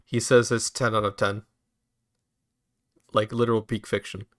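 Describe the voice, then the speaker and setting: A man's voice: on the low side, flat delivery, normal speed, a bit bright, no echo, clean studio sound. A young man streaming a game, chatting casually with a friend, swearing and laughing easily. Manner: laid-back, swears casually, laughs often. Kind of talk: casual chat while gaming.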